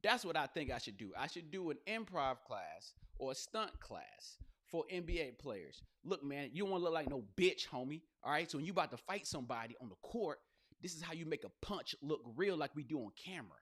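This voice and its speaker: Animated, bright-voiced male comedian riffing. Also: on the high side, brisk. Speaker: podcast host and comedian. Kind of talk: comedic podcast monologue.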